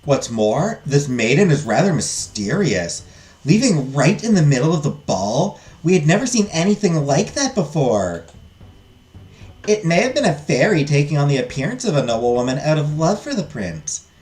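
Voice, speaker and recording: A man voicing a chatty palace servant who gossips excitedly, read aloud from a game. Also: on the high side, moderate pace. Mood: gossipy.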